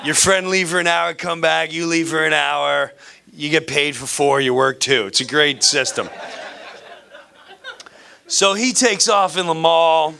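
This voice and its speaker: Animated male stand-up comedian. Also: a little high, a little slow, creaky, slight background noise. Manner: animated, playful, acts out characters. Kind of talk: live stand-up storytelling. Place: theater stage.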